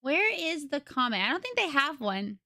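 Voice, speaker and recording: A young woman with a high, bright, ringing voice chats excitedly to her live stream audience, giggling as she spins stories. Her voice sits close on a desk mic in a dry, dead room with no echo at all. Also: normal speed. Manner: excitable, giggly, chatty storytelling. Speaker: livestreamer. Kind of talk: casual chat with a live audience. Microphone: desk microphone.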